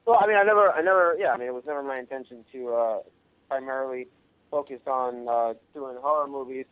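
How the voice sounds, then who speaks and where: A man's voice: medium pitch, clear, resonant tone, no echo. Modest rambling man on a tinny phone line. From Long Island, New York. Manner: modest, rambling, halting with many restarts. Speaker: guest, actor and director. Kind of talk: casual radio interview.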